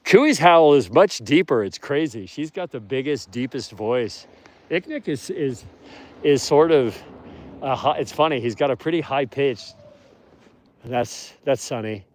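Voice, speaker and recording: Soft-spoken man streaming outdoors in snow. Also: mid-range voice. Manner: talks softly to his dog and wolves, rises when calling them. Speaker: wolf caretaker streaming live. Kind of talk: live-stream vlog narration. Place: outdoors in snow near a wolf habitat. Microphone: phone, later a chest rig.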